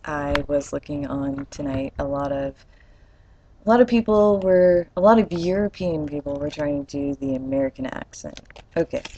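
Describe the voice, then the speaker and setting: A woman's voice: low-pitched, normal speed, dark tone, dull audio, a little hiss or hum. A young woman from Atlanta, Georgia, with a light Atlanta accent, chatting candidly and casually on a webcam vlog. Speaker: vlogger.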